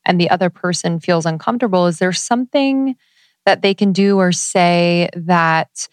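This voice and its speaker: A woman co-hosting a podcast who asks her question haltingly, pausing to search for words. Her voice is lowish and the recording is dry. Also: no room sound. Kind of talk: podcast conversation.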